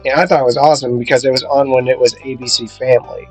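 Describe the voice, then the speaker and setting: A man co-hosting a gaming video, chatting casually and telling stories with lively acted-out quotes. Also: medium pitch, racing, slightly rough, faint music behind, rough recording. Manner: lively storyteller, acts out quotes. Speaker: gaming channel co-host. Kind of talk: casual chat while playing a game.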